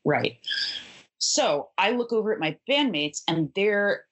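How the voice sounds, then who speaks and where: A woman's voice: medium pitch, animated, slow pace, a bit bright, slightly rough. A woman and punk musician telling a long, wry, profane anecdote in casual conversation. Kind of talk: conversational storytelling.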